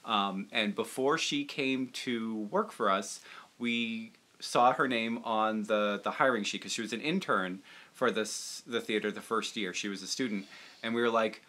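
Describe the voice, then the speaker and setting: Animated and forceful, this young Boston-area man speaks at a medium pitch with a bright tone. A puppeteer hosting a laid-back livestream, he wanders from topic to topic, self-deprecating and quick to slip into character voices.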